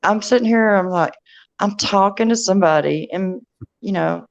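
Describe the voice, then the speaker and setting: A woman's voice: medium pitch, normal speed, creaky. A woman hosting a casual online group chat, rambling and laughing as she talks. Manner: warm, rambling, laughs often. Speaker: stream host. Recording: muffled stream audio.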